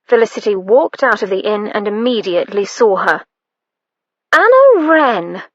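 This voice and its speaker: A woman reading an audiobook in a measured, even storytelling manner. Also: medium pitch, no room sound, dull audio. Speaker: audiobook narrator. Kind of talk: scripted narration.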